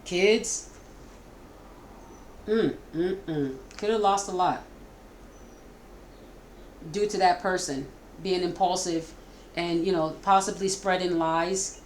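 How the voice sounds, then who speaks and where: Middle-aged woman as tarot reader, casual and stumbling, a little noise behind her. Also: mid-range voice. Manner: warm, repetitive, stumbling, emotional. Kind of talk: casual spoken tarot reading.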